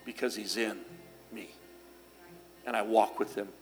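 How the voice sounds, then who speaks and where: A man's voice: fairly low pitch, fairly even intonation, measured pace. A man delivering a church sermon, mixing scripture with homespun stories. He talks in a folksy, easygoing way, full of little fillers and restarts, with faint music behind him. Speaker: pastor.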